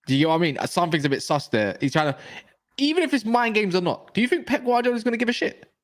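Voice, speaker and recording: A man's voice: high voice, sing-song, rapid-fire, no room sound, clean studio sound. A man co-hosting a casual football chat, blunt and opinionated with plenty of slang. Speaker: co-host.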